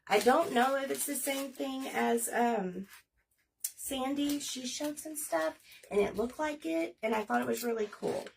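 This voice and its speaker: A woman's voice: high-pitched, a little slow, vocal fry, distant mic, a little hiss or hum. A woman in her forties chatting casually and rambling as she hosts a crafting livestream. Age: 40s. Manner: chatty, rambling, talks while working.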